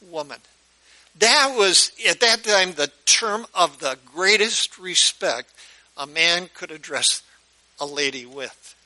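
A man's voice: fairly high pitch, bright, forceful tone, rough recording. A male pastor preaching a sermon in a conversational storytelling way, often putting questions to his listeners.

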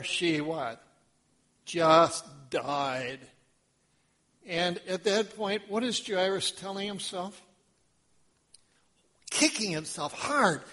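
A male pastor preaching a sermon, telling a story in an animated way, acting out voices and quizzing the congregation. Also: high voice, takes it slowly, long pauses.

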